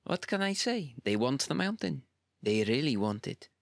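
A man's voice: medium pitch, big pitch swings, normal speed, gravelly, no room sound, clean studio sound, voice pushed up. A man voicing an amused, carefree female civil servant who teases her colleague. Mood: teasing. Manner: teasing, lightly amused.

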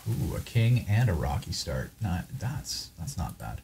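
A man's voice: sits low, big pitch swings, unhurried, creaky, very noisy. A man hosting a gaming channel, casually commenting as he opens card packs, with a wry, self-deprecating way of thinking aloud. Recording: voice over loud background music.

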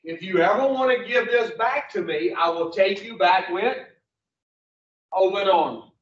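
A stern, booming God who shouts and swears, with a drawl, as a man puts him on while telling the story. His voice sits high and shouted, heard from far off in a roomy space on a muffled recording. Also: measured pace. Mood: offering. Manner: shouting, folksy, cussing.

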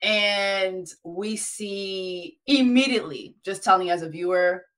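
An American woman hosting an interview, chatty and lively with casual slang. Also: mid-range voice, measured pace. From United States. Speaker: podcast host.

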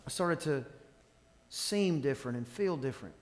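A man's voice: medium pitch, animated, moderate pace. A man, a pastor, preaching a sermon, telling stories with quoted dialogue and calling on the congregation to respond. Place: church sanctuary. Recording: long reverb of a large church hall.

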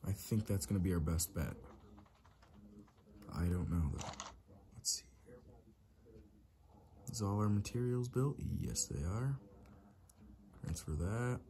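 A lower-voiced Irish man talks slowly through his gameplay, half to himself, ticking off each placement under his breath. Steady noise and keyboard clicks sit clearly behind his voice. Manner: mutters running instructions to himself while building. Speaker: let's play gamer. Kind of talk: casual gameplay commentary.

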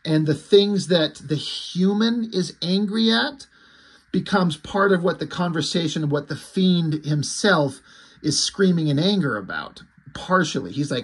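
A man casually recapping a comic book, excited, loose and a bit profane. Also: fairly high pitch, measured pace, breathy edge.

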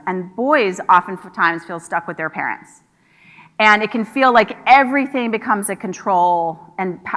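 A woman speaking from a stage with a bright, forceful voice. She tells stories conversationally and acts out quoted dialogue. A long hall reverb trails her words. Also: on the high side. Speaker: keynote speaker. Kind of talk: conference keynote speech. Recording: hall reverb from a large venue.

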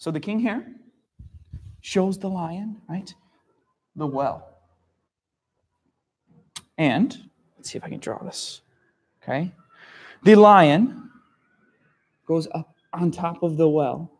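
Guy teacher telling a story to language learners, super slow, husky voice, keeps asking okay?. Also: fairly high pitch. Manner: animated, gasps for effect, checks understanding often. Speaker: English teacher.

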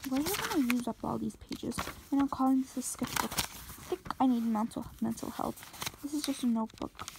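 A woman's voice: fairly high pitch, fairly quick, vocal fry, noisy background. A young woman vlogger in casual commentary, exclaiming and dropping into whispered asides.

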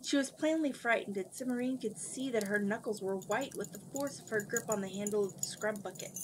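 A woman narrates a children's fantasy book in a steady reading voice, slipping over a word now and then. Her pitch is ordinary for a woman, and a faint background noise sits under the reading. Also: brisk, hardly any pauses, poor audio. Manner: steady storybook narration, occasional slips. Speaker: book reader.

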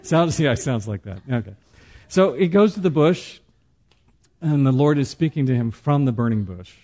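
Mellow-voiced man teaching Bible study. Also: medium pitch, lively intonation. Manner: plain-spoken, joking asides, slow emphatic pauses. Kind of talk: conversational church teaching.

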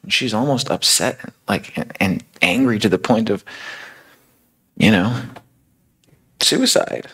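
A man's voice: lowish voice, animated, takes it slowly, pauses often, a bit bright, husky. A man preaching a sermon, retelling a story in a casual, conversational way with many fillers.

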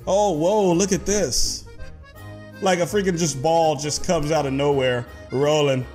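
A man's voice: fairly high pitch, a little slow, a little mellow, soft background music. A young man hosting a casual reaction video, laughing often and talking to his viewers. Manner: laughs often, playful slang, addresses viewers as guys. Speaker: YouTube host reacting to clips.

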